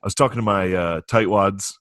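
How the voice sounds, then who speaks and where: A man's voice: fairly low pitch, normal speed, a bit bright, no echo, clean studio sound. A man, a comedian, talking in casual podcast chat, joking and laughing through his lines.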